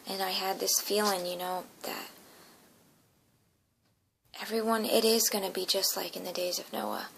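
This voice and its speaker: A woman's voice: fairly low pitch, flat delivery, moderate pace, creaky, background noise. A woman earnestly recounting a dream as a personal testimony, emotional and often dropping into a whisper.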